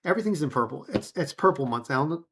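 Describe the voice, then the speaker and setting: A man vlogging a knife unboxing in an excited, rambling, casual way, full of slang and filler. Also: a little high, fast talker, slight background noise.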